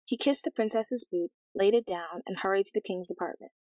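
A woman narrating a fairy tale as an audiobook reading, in a clear, even storytelling manner. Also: mid-range voice, fairly quick, dry recording, rough recording.

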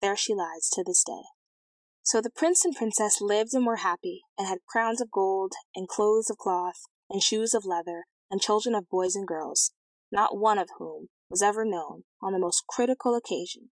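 Woman narrator for an old fairy tale, measured and expressive, mid pitch, close dry recording. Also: no room sound, rough recording. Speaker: storyteller. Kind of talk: storybook reading aloud.

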